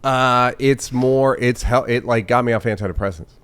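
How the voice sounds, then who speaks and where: A man who is a comedian guest on a podcast, chatting casually in a dry, deadpan, rambling way. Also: mid-range voice, normal speed, clean tone.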